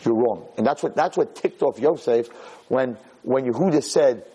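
A man giving a lively Torah lecture, who acts out scenes of shouting parents to make his points. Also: moderate pace, breathy edge, low-quality recording. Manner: animated, acts out shouting parents in high pitch. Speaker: Torah teacher.

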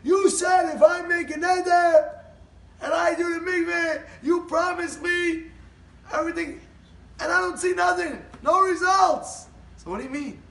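A man voicing an exasperated middle-aged husband who shouts his complaints in a high voice. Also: animated, fairly quick, roomy sound, far from the mic. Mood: desperate.

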